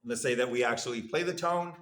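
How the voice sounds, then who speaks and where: A man's voice: medium pitch, fast, fairly bright tone. A man giving a university lecture, explaining step by step in a playful way and dropping his voice to act out the test subjects' replies. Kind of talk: classroom lecture. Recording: roomy echo.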